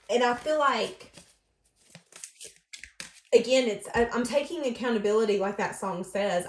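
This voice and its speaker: A woman's voice: on the high side, unhurried, pauses often, echoey room, slight background noise. A woman giving a casual tarot reading in an earnest, emotive way, often speaking as if she were the other person. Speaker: tarot reader.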